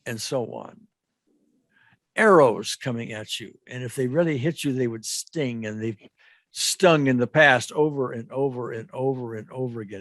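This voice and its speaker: A man working as an EFT practitioner, talking a client through a guided imagery exercise with slow, gentle, repetitive coaching. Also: medium pitch, no echo. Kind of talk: guided imagery therapy session.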